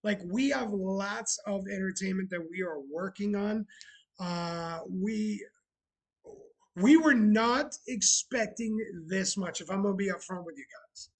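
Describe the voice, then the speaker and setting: A man's voice: high voice, a little slow, rough recording. A man chatting casually on a live stream, sarcastic and talkative, greeting viewers as he goes. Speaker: streamer running a bar roleplay channel.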